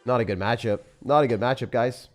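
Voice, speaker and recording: A man's voice: medium pitch, fairly quick, soft background music. A young man giving loose, jokey live commentary on his gameplay as a streamer, full of slang and sudden outbursts. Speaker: gaming streamer.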